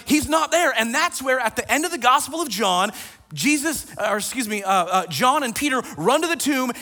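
A man preaching a sermon as a pastor, retelling scripture in an animated storytelling way. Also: extremely high pitch. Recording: long reverb of a large hall.

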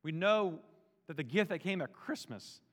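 A man's voice: a little high, animated, moderate pace, fairly bright tone. A man preaching a sermon as pastor, emphatic and casual, mixing everyday slang into his preaching. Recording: long reverb of a large hall.

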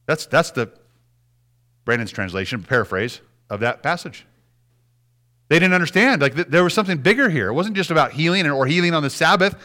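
A middle-aged man preaching a sermon as a pastor, animated and dropping to soft, hushed words for emphasis. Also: a little high, normal speed.

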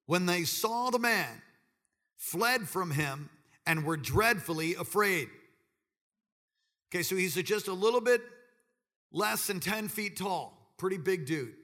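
A middle-aged pastor preaches to a church congregation in an animated, joking storyteller's manner. His voice sits high and bright, with a gravelly texture. He swoops widely between quiet asides and loud exclamations. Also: takes it slowly, pauses often. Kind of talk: sermon. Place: church service.

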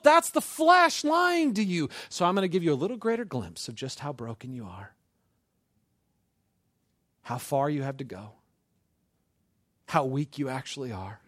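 A man preaching who voices God as a loving but firm heavenly father, earnest, swinging from near-shouts down to soft words. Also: very high voice, no room sound, studio quality, voice pushed up.

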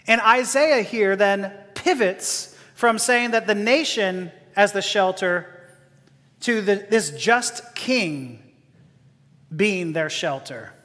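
A man's voice: high voice, animated, slow, sharp tone. A man preaching a sermon in an earnest, impassioned way, building to emphatic declarations. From Texas. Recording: long hall reverb.

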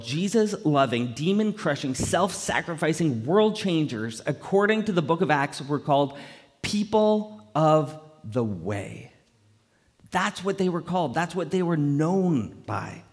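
A male pastor preaching a conversational, animated sermon, often acting out quotes in playful voices. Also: on the high side, moderate pace, hardly any pauses. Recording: long hall reverb.

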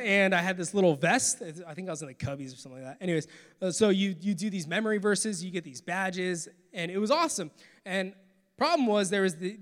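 A man in his thirties preaching a sermon, telling his own story in an animated storytelling manner with acted-out quotes. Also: high voice, long reverb tail. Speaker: pastor. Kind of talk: sermon testimony.

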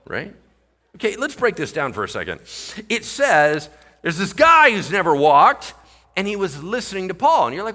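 Male pastor, sermon, animated, jokey, slightly high voice, bright tone. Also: moderate pace, vocal fry. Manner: animated, jokey, acts out voices of people in the story.

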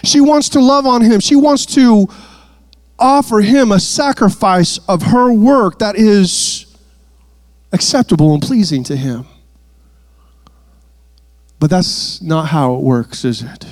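Preacher, high-voiced man, jokey asides, dry close sound. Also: slow, long pauses, darkish tone, no echo. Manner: playful asides, repeats words. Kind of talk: sermon.

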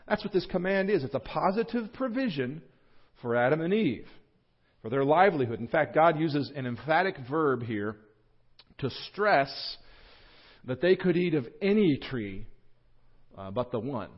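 A man's voice: expressive, normal speed. Earnest male preacher, muffled recording. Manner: earnest teaching tone with frequent fillers and restarts; voices scripture quotes with sudden rises in pitch and loudness. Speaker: pastor. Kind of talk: sermon. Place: church.

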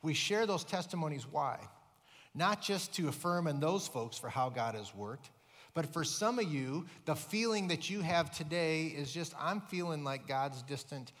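A man's voice: a little high, expressive, moderate pace, a bit bright. A male pastor preaching a sermon with emphatic delivery, rising and falling in force. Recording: long hall reverb.

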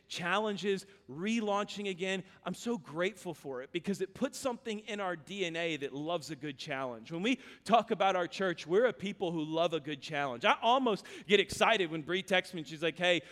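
A middle-aged man preaching a sermon, telling stories and going hushed at the emotional moments. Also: sits high. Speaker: pastor. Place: large hall with reverb. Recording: reverberant hall.

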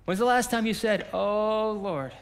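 Pastor guy preaching hard then praying quiet, high voice, big echoey church hall. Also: unhurried, clear, resonant tone. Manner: impassioned, shouting repeated phrases, then dropping to a quiet prayer. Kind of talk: sermon.

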